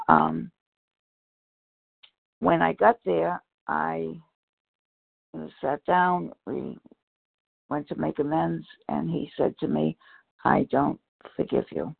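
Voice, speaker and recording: Hoarse raspy guy sharing slowly on a tinny call, keeps clearing his throat. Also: fairly high pitch, big pitch swings. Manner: halting, slow, emotional. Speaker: meeting member sharing. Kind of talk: recovery meeting share. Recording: tinny phone-like call audio.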